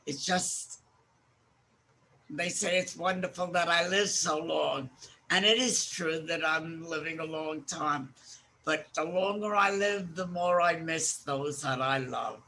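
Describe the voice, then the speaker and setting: A woman in her eighties giving a slow, halting, heartfelt personal monologue. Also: deep voice, sharp tone, a little hiss or hum, low-quality recording. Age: 80s.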